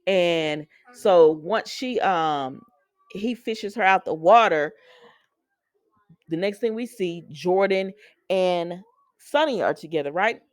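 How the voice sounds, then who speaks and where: A woman with a slightly low voice talks through a soap opera episode in an easygoing, informal way, often turning aside to talk straight to her viewers. The sound is dry and close, with no room echo. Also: expressive, slow pace. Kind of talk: casual episode recap.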